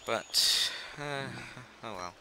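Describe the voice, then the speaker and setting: A man's voice: medium pitch, expressive, very slow, pushed and bright, slight background noise. A teenage boy casually commentating a video game, rambling, chatty and silly, trailing off mid-sentence. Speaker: gaming channel host. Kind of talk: casual let's play commentary.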